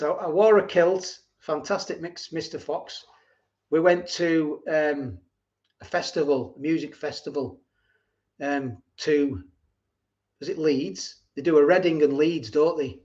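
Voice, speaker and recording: In dull lo-fi stream audio, a middle-aged livestream host reads viewer comments and answers them casually, circling back and repeating himself. His voice is a little high and a little mellow, with fairly level intonation and an unhurried pace.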